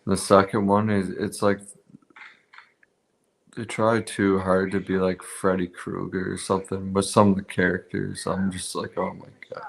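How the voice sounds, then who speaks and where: Slow, gravelly-voiced man. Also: sits low, completely flat delivery, slight background noise. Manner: slow, hesitant, crude. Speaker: podcast co-host. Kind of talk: casual watch-along chat.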